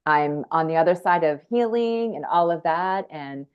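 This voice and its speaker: Low-voiced earnest woman guest. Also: animated, normal speed, highs cut off, a little hiss or hum. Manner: earnest, rambling, frequent restarts. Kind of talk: candid conversational storytelling.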